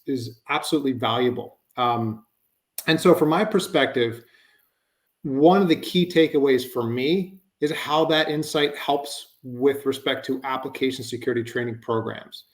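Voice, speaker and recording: A man giving a conversational webinar presentation, explaining with frequent fillers like "you know" and "um.". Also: medium pitch.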